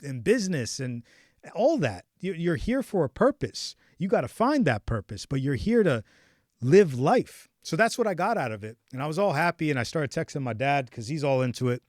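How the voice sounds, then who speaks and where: A man in his forties hosting a podcast, telling a personal story in a casual chat with animated swings between hushed and loud. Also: a little high, moderate pace, no room sound, clean studio sound. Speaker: podcast host.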